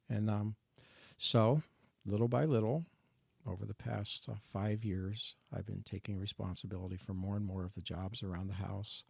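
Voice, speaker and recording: A man in his sixties, a guest sharing his personal testimony in a faith discussion, earnest and reflective, often halting and restarting. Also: fairly low pitch, fairly even intonation, creaky, a little mellow, slightly rough, no echo.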